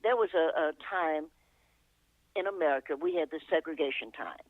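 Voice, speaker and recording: A woman's voice: sits low, moderate pace, no room sound. An older woman, a poet and author, telling meandering stories as a guest, chuckling often and correcting herself as she goes. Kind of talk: reflective storytelling interview. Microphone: telephone. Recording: tinny phone line, dry.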